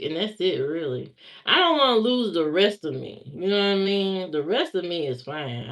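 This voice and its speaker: A woman's voice: on the low side, fairly bright tone. A woman in her thirties chatting casually on a livestream, answering viewer comments in a candid, rambling way with many fillers.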